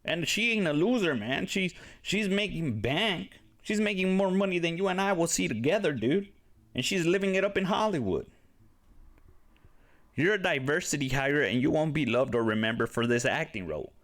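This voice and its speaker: A man's voice: on the high side, normal speed. A young man giving blunt, profane reaction commentary, ranting casually as he reacts to clips. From Mexican-American, grew up near a casino. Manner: blunt and profane, animated rants.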